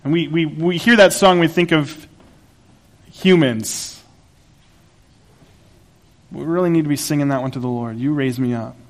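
A man's voice: on the high side, a little slow, pauses often. A pastor preaching a sermon to his congregation in a conversational, humorous way, laughing at his own asides. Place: church sanctuary.

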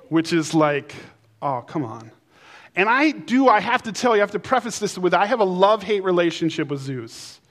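Guy preaching in church, kinda high voice, goofy voices in stories then goes quiet and slow on the big points. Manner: storytelling with playful put-on voices, then slowing and softening for emphasis. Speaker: pastor. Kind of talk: sermon.

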